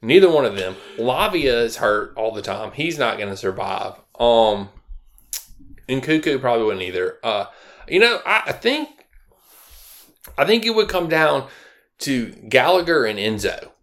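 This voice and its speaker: A man in his thirties co-hosts a casual podcast chat. His pitch swings widely as he tells stories, and it leaps up high whenever he quotes people. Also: a little slow. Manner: animated storytelling, jumps high when quoting people. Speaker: podcast co-host.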